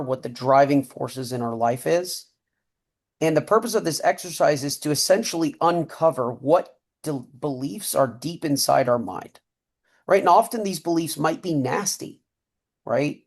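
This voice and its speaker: Gravelly-voiced man coaching a webinar. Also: a little high, animated, measured pace. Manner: coaching, repeats "okay?" and "right?". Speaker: trading mentor leading a webinar. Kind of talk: guided breathing and mindset exercise.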